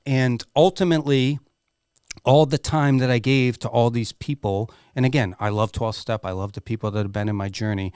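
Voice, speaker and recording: A middle-aged man, a guest on a podcast, swears freely while candidly recounting a personal story in an earnest, emotional way. His medium-pitched voice is clean in tone and a little mellow, heard in clean studio sound with no room noise.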